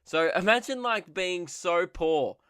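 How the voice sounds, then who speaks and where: A man's voice: high voice, lively intonation, slow, fairly bright tone, clean tone, no echo, clean studio sound. Rambling sarcastic man. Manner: rambling, sarcastic, laughs at own jokes. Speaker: comedian podcast host. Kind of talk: solo comedy podcast.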